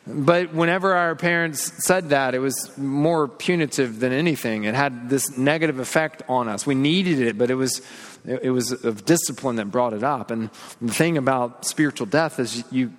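Earnest preaching man in a reverberant hall. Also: a little high. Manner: earnest, confessional preaching with repeated phrases and rhetorical questions. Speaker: pastor. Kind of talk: sermon.

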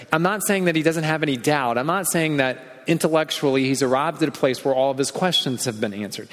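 Pastor preaching in an echoing hall. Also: male voice. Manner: animated storytelling, drops low and quiet for emphasis. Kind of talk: sermon. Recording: long hall reverb.

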